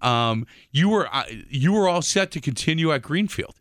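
A man's voice: expressive, normal speed, no room sound, studio quality. A man co-hosting a radio show, chatting casually and acting out the people in his stories. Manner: acts out quoted voices with rising pitch. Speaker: radio co-host. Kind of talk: casual radio chat, animated storytelling.

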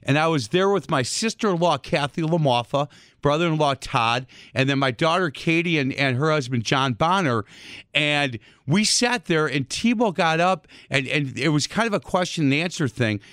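A man's voice: a little high, lively intonation, moderate pace, a bit bright, no room sound, studio quality. A man hosting a radio talk show, telling stories casually with lots of fillers and restarts. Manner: rambling storyteller with many fillers and restarts.

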